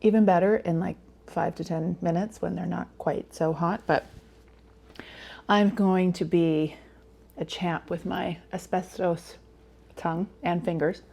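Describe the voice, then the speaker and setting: A woman's voice: on the low side, fairly even intonation, measured pace, gravelly, a little mellow, husky. A woman hosting her own cooking video, chatting casually and enthusiastically about food, at times talking while she eats. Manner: talks while eating. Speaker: cooking channel host.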